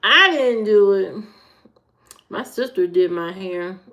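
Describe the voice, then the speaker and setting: Slow-talking woman chatting on a livestream. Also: medium pitch, expressive, highs cut off. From American Midwest. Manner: chatty, repeats herself, talks to chat by name. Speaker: livestream host. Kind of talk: casual livestream chat answering viewers.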